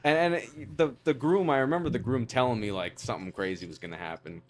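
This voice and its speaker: A middle-aged man with a New York accent, a wedding photographer telling stories as a podcast guest, animated, with frequent laughs. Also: medium pitch, quick pace. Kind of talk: casual chat.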